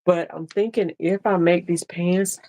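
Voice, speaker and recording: A woman's voice: lowish voice, fairly even intonation, measured pace, warm tone. Chatty woman hosting a sewing livestream. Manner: chatty, laughing, talks to viewers directly. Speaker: sewing live-stream host. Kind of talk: casual live-stream chat with viewers.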